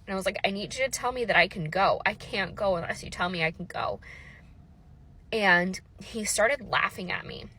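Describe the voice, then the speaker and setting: A woman's voice: mid-range voice, bright, forceful tone, breathy edge. A woman in her thirties telling her own story in a casual, emotional way, acting out what others said and often saying "like". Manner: fast, emotional retelling with lots of quoted dialogue and "like" fillers.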